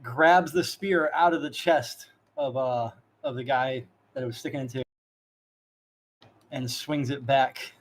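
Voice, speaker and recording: A man's voice: medium pitch, fairly even intonation, measured pace. Rambling male dungeon master. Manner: rambling, laughing asides. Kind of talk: narrating a tabletop game.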